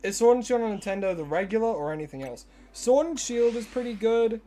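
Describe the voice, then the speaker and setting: A man's voice: sits high, animated, fairly quick, mellow, soft background music. A man with an Australian accent streaming a game live and chatting casually with viewers in a joking way, his voice prone to cracking. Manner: jokey, greets and answers chat readers. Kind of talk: casual live-stream chat while gaming.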